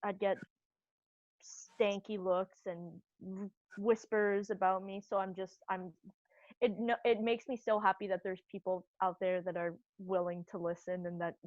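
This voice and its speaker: A woman's voice: mid-range voice, flat delivery, a little slow, darkish tone, dry recording. Young woman, dull dry recording. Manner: enthusiastic, many fillers. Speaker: support group member. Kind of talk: casual group chat.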